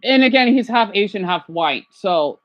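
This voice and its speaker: A man rants through a casual livestream reaction. His voice sits high and swoops up and down, from low grumbles to sudden yells off to the side. The sound is close and dry. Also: animated, normal speed, no echo, highs cut off. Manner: agitated, rambling, swings from quiet mutters to loud outbursts; shouts at someone off to the side.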